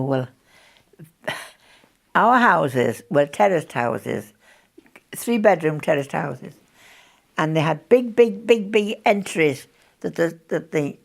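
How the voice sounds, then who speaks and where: Husky old lady telling her stories, gravelly voice, keeps laughing. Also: low-pitched. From Birkenhead, England. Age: 80s. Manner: chatty storyteller, laughs often. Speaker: interviewee. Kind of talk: recalling wartime memories in conversation.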